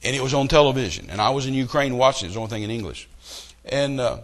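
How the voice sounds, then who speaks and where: Preacher, middle-aged man, animated storyteller, builds to loud emphatic peaks, mid-pitched voice. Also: racing. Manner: animated storytelling with rising outbursts. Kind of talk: sermon.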